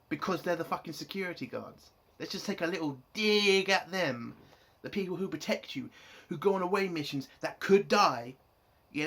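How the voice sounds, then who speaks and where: A man's voice: fairly high pitch, a bit bright. Exasperated sweary man ranting. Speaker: TV show reviewer. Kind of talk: ranting episode review.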